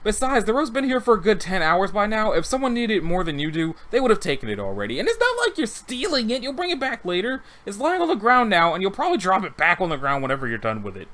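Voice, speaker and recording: A man's voice: high-pitched, big pitch swings, fast, few pauses, a bit bright. A man narrating a text game and reading viewer comments aloud, with wry offhand asides. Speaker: let's read narrator.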